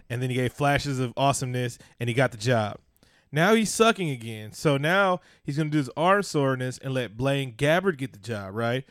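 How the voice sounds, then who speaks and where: A podcast co-host chats casually, telling stories with lots of energy, swearing freely and acting out what other people said. His voice sits in the mid range with a fairly bright tone, captured in a dry, clean studio recording.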